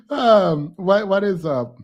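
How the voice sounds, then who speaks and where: A man in a slightly higher register runs a casual livestream. He teases his guests in quick, playful banter. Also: dull audio. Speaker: livestream host.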